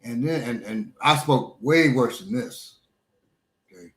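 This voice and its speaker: Halting middle-aged man, roomy sound. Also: mid-range voice. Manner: halting, many pauses and fillers. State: slightly slurred speech after a small stroke. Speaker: podcast host and instructor. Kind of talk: casual chat.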